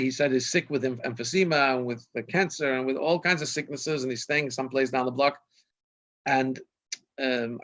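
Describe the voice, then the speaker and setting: A man's voice: mid-range voice, a bit bright. A man in his fifties, a rabbi, telling anecdotes in a rambling storytelling way, with many restarts and self-corrections, on a video call. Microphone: video call microphone. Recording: dull lo-fi video call audio.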